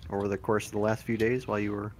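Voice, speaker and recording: A somewhat low-voiced man taking part in a tabletop game. He asks curious questions in a casual, friendly tone. His voice is plain and conversational. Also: level tone, rapid-fire, a little hiss or hum. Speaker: player.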